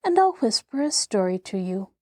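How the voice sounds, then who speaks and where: A woman voicing a kind, composed young schoolgirl who speaks in a steady, gentle way. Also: on the high side, moderate pace, no room sound, clean studio sound. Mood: cheerful.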